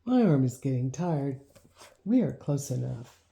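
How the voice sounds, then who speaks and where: A woman voicing an eager, impulsive young boy in a storybook reading, who shouts when thrilled. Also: a bass voice, very animated, measured pace, gravelly, full character voice. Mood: easygoing. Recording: roomy echo.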